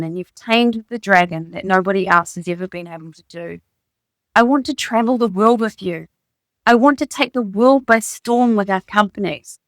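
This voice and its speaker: A woman doing an excitable, earnest young man. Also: mid-range voice, no echo, natural voice. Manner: earnest, gushing, rapid declarations.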